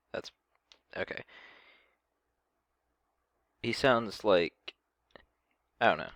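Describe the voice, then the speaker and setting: Deep-voiced, hesitant man reacting. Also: extremely slow, fairly bright tone, no echo, studio quality. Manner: hesitant, many ums and restarts. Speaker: reaction video host. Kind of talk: casual reaction commentary.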